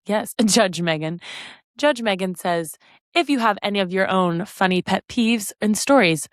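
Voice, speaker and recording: A woman's voice: mid-range voice, animated, a little slow, no echo, clean studio sound. A woman co-hosting a podcast, chatting casually in an easygoing, laughing way. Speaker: podcast co-host. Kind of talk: casual chat.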